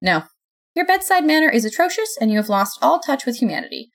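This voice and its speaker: A woman's voice: mid-range voice, sing-song, quick pace, vocal fry, breathy edge, heavily acted. A woman voicing God as a harried middle-aged woman, talking in a curt, businesslike, commanding way. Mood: brisk bossy.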